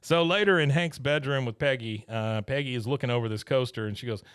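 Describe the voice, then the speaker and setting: A man's voice: medium pitch, a little fast, clean tone, no echo, clean studio sound. A man co-hosting a podcast, casually retelling a cartoon episode with lots of laughs. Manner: animated retelling, quoting characters with laughs. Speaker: podcast co-host recapping an episode. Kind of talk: casual recap chat.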